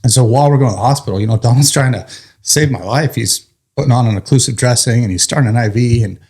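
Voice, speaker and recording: A firefighter telling a story as a guest in an interview, animated, laughing through the funny parts and swearing casually. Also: male voice, medium pitch, fast talker.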